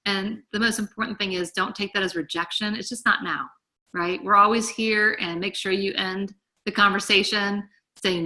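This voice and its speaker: A woman's voice: medium pitch, steady tone, normal speed, pushed and bright. A woman leading a group call, coaching her team in an eager, chatty, encouraging way. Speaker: team leader.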